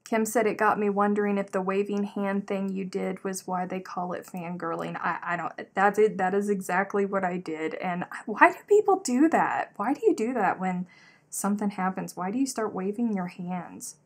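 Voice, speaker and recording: A chatty woman hosting a live craft stream, telling stories with lots of animation. She speaks at an ordinary middle pitch in a casual, rambling way and stops to read out comments from her viewers. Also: moderate pace. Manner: animated storyteller, reads out chat comments. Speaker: livestream host. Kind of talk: casual chat while crocheting.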